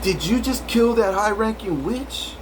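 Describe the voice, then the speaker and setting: Man doing a slangy young stranger, high. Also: expressive, unhurried, noisy background. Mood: eager. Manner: casual slangy street talk. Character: young man, friendly, street-casual stranger.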